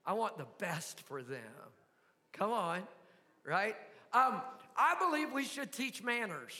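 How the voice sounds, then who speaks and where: Folksy older Southern preacher, high voice. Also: male voice, sing-song, slow, bright, forceful tone, long reverb tail. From American South. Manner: folksy, asks the crowd questions. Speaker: pastor. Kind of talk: sermon.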